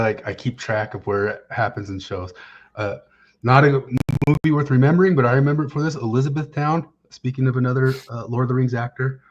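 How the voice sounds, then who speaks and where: A man hosting a casual podcast chat, rambling and often pausing with fillers while searching for names. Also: mid-range voice. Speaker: podcast host. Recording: dull lo-fi sound.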